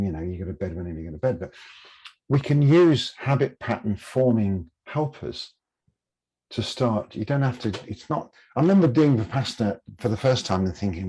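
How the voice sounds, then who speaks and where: A man, a podcast guest, telling lively anecdotes in a casual interview and laughing at himself. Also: on the low side, husky.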